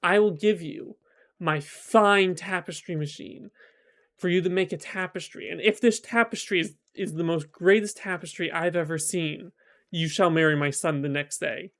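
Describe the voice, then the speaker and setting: A man's voice: high-pitched, fairly even intonation, moderate pace, fairly bright tone. A man voicing a gushing, commanding queen mother in a retold folk tale. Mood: demanding. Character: bossy royal queen mother, older woman.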